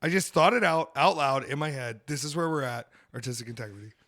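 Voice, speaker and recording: A man hosting a podcast, chatting in a rambling comedic way and jumping into loud high outbursts. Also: fast talker. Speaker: podcast host. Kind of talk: casual comedic chat.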